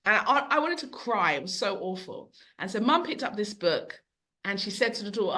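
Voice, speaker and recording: A middle-aged woman who owns a bookshop, speaking as a podcast guest and telling long, animated stories. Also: mid-range voice, moderate pace. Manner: animated, long-winded storyteller who acts out quotes. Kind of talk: conversational storytelling.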